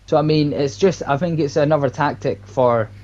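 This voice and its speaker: A young man from Scotland, co-hosting a podcast, talking in a measured, reflective way with hesitant fillers. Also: a little high, a little mellow, highs cut off. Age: young adult. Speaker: podcast co-host. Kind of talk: casual chat.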